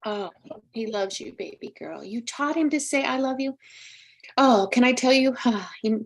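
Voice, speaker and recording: A woman's voice: on the high side, animated, measured pace. A woman hosting a live-streamed psychic reading, speaking earnestly and emotionally straight to a viewer. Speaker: psychic medium host.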